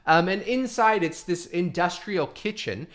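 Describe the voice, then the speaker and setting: A male game master who narrates in a rambling way, full of fillers. His pitch is slightly high and moves about a lot as he sets each scene. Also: animated, a little slow, fairly bright tone. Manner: rambling, many fillers and restarts.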